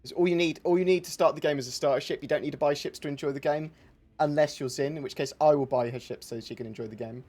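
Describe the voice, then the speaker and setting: A man's voice: on the high side, quick pace, a little mellow. A man hosting a casual livestream chat, talking in rambling, self-interrupting bursts. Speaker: livestream host.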